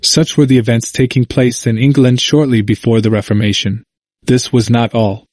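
A man reading a history book aloud in a steady, measured narration. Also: mid-range voice, no room sound. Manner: steady, measured reading, quotes read with only slight lift.

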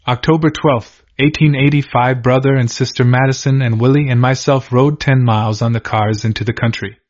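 A man reading aloud from an old diary in a steady, measured, earnest way. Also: medium pitch. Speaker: reader. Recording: dull lo-fi recording.

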